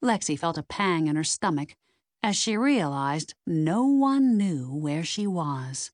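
A woman narrating a mystery novel in an expressive, measured reading. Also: low-pitched, dry recording, studio quality. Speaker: audiobook narrator.

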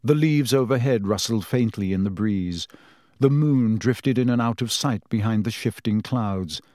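A man with a lowish voice narrates a novel as an audiobook, keeping his scripted storytelling measured and even. The studio-quality recording has no echo.

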